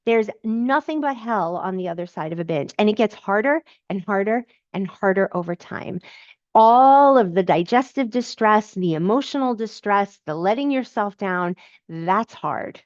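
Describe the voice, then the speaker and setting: A woman's voice: mid-range voice, animated, moderate pace, dry recording. Woman, coach, live Q&A, emphatic, encouraging, repeats phrases, dry dull audio. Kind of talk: live Q&A, reading out and answering comments.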